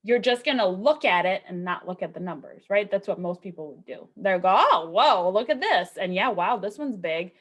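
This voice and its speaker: Speaking in a lowish register, this woman lectures on statistics briskly and with few pauses. The recording has a conversational feel, full of rhetorical questions and repeated "okay" and "right" check-ins.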